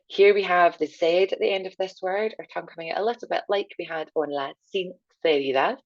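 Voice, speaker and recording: Low-voiced woman teaching slowly. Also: no echo. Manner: encouraging, slow and clear for learners to repeat. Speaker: language teacher. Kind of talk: video language lesson. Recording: dull, slightly lo-fi sound.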